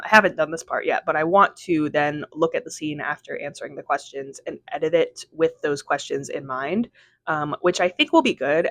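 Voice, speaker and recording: A woman's voice: low-pitched, dry recording. A woman chatting casually to the camera in a home vlog, rambling and filling her speech with "um" and "like". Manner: chatty, rambling, lots of fillers like "um" and "like". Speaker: vlogger and aspiring novelist. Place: at home, indoors.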